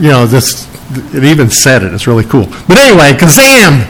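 A man preaching a sermon, teaching through Bible passages in a conversational way with sudden bursts of excitement. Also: mid-range voice, fairly quick, low-quality recording. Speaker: pastor.

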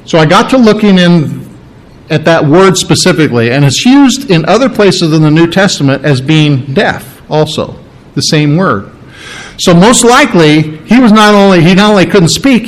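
A man's voice: high-pitched, sing-song, moderate pace, low-quality recording. A man preaching a conversational sermon to a congregation, stressing points and checking in with his listeners. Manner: conversational, emphatic, checks in with "all right?". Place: church before a congregation.

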